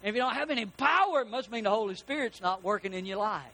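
A man preaching a sermon in a church, folksy and animated, asking his congregation questions. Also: sits high, quick pace. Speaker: pastor. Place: church sanctuary.

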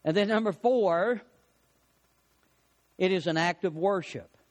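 A man preaching a sermon as pastor, animated, joking, his voice rising on emphasis. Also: high-pitched, slow, lo-fi sound.

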